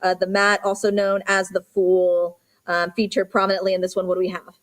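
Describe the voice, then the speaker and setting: A woman working as an auctioneer at a live auction, rattling off repeated bid calls and slowing down to describe each lot. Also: medium pitch, monotone. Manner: rapid repetitive bid calls mixed with slower item descriptions. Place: auction studio for a livestream.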